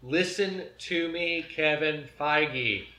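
A man's voice: fairly high pitch, takes it slowly, bright, forceful tone. A man co-hosting a casual chat, enthusiastic and a bit hammy. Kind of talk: casual chat about comic-book movies. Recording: echoey room.

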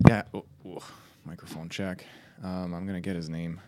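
A man's voice: deep voice, flat delivery, moderate pace, a little mellow. A man co-hosting a podcast in casual chat, loose and self-mocking, swearing freely. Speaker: podcast co-host.

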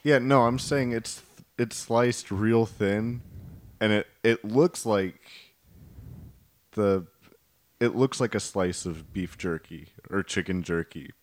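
Man, co-host, comedy podcast banter, deadpan, unhurried. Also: lowish voice, no echo.

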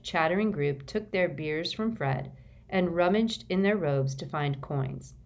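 A woman narrating an audiobook in a steady, measured way. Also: lowish voice.

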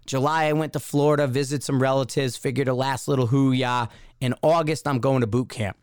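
A man hosts a podcast and tells a personal story in a loose, rambling way, slipping into the voices of the people in it. His voice is smooth and clear at a middle pitch. The recording is dry and close, with no room echo. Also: fairly even intonation, a little fast, a little mellow. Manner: rambling anecdote with acted-out quotes. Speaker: podcast host. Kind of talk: casual storytelling.

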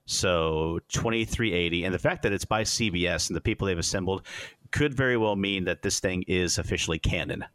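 A man hosting a casual podcast chat, reviewing a show as an animated storyteller who acts out the scenes. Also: sits low, brisk, dry recording.

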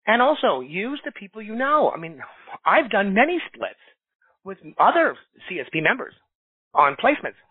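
A middle-aged New York man, a staffing recruiter and association leader, tells stories in a casual podcast chat and acts out the people he quotes. His voice is high and slightly rough, at normal speed, with no echo. The sound is tinny, dry, and phone-like.

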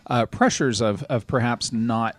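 A man's voice: mid-range voice, a little slow. A man cohosting a podcast, chatting as an eager fan. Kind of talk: podcast chat.

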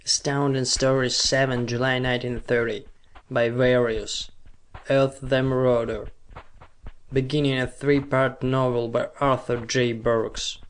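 A man's voice: medium pitch, little pitch movement, a little slow, smooth. Man narrating pulp fiction steadily. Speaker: audiobook narrator.

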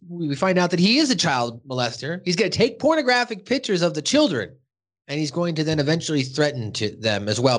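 A man hosting a podcast and recapping an episode in casual, rambling chat with lots of fillers and the odd swear. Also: fairly high pitch.

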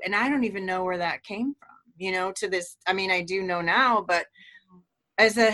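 A middle-aged woman giving a personal testimony in a halting, earnest way, with many restarts. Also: mid-range voice, pushed and bright.

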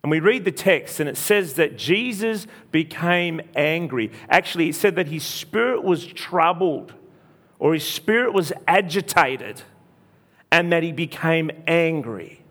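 An earnest male preacher retelling a story in a sermon, with a fairly high voice. He talks in short repeated phrases, often restarting mid-line as he drives the point home. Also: expressive, a little slow, a bit bright. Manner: earnest, repetitive, frequent restarts.

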